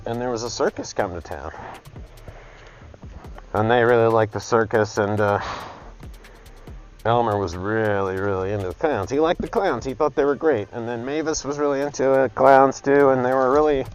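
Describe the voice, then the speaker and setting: A man's voice: mid-range voice, low-quality recording. Man rambling through a long joke. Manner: loose, filler-heavy, self-correcting. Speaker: joke teller and painter. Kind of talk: rambling casual storytelling.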